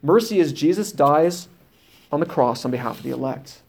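Guy preaching a sermon, reads verses then explains, says uh a lot, slightly high voice. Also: animated, moderate pace, vocal fry, darkish tone. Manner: reads scripture aloud with restarts and "uh" fillers. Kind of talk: sermon teaching.

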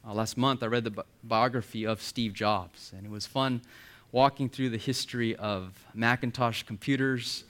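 A male pastor delivers a sermon with earnest emphasis, slowing down to stress key words. His voice sits in a middle register, and he sometimes sinks into a soft, near-whispered hush to drive a point home. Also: medium pitch.

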